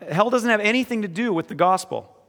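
Male pastor, sermon, emphatic, earnest, highish voice, long hall reverb. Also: fast talker. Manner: swings between quiet earnest reading and emphatic exhortation.

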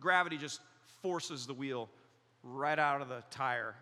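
A male pastor preaching a sermon, telling a personal story with acted-out voices, frequent laughter and lively delivery. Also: mid-range voice, measured pace. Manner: animated storytelling, acts out voices, laughs often. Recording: long hall reverb in a large room.

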